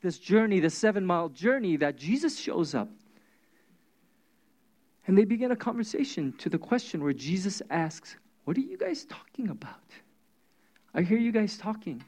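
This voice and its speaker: A preacher giving a sermon, retelling scripture as animated storytelling with casual asides. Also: medium pitch, no echo.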